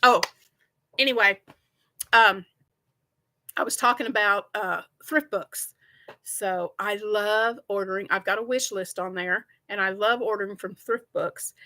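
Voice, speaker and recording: A woman's voice: medium pitch, measured pace, pushed and bright. A middle-aged woman hosting a crochet livestream, chatting casually and rambling with viewers and laughing often. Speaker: crochet channel host.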